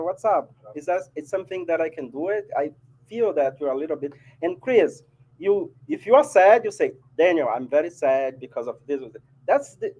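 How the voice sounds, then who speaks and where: Brazilian guy giving a relaxed spiritual talk, slightly high voice, keeps saying right?. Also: rough recording. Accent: Brazilian Portuguese. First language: Portuguese. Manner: chatty, keeps asking "right?". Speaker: spiritist speaker. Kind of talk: casual spiritual talk to an audience. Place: meeting hall of a spiritist society.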